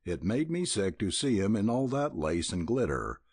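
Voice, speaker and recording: A man's voice: on the low side, sing-song, normal speed, a little mellow, husky, no room sound, clean studio sound, full character voice. A man voicing a talkative, boastful young with an in an audiobook. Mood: folksy. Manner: drawling, folksy.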